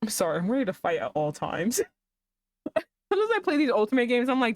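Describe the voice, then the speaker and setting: Woman streaming a dating game, reads it out and keeps cursing and joking, bouncy high-ish voice. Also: normal speed, pauses often, no echo. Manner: animated, swears freely, sarcastic asides. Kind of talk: reading an otome game aloud with commentary.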